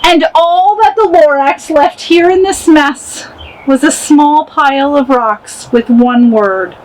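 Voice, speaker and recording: A woman reading a rhyming picture book aloud in an expressive way. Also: sits high, takes it slowly, a little hiss or hum, low-quality recording. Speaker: storybook reader.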